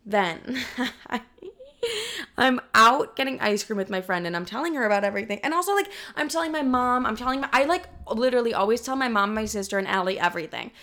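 A woman's voice: a little high, lively intonation, fairly quick, sharp tone. A young woman telling a story straight to her viewers in a casual vlog, swearing freely and saying "like" constantly. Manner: chatty, swears freely, leans heavily on "like". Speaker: vlogger.

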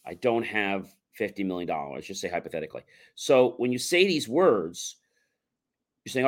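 A man's voice: on the low side, sing-song, normal speed. A man on a talk show explaining a mindset technique, coaching listeners and acting out repetitive self-talk.

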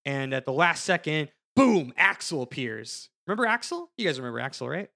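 A man's voice: a little high, big pitch swings, fairly quick, gravelly, bright, forceful tone. A man hosting a casual chat, recapping a story in a rambling, sarcastic way with goofy asides. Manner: rambling, sarcastic, acts out characters in goofy voices. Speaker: podcast host recapping a game plot.

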